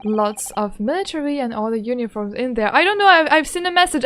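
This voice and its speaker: A woman's voice: high-pitched, animated, fairly quick, few pauses, fairly bright tone. A woman streaming a game in casual, playful chat, speaking English as a second language and giggling often as she greets her viewers.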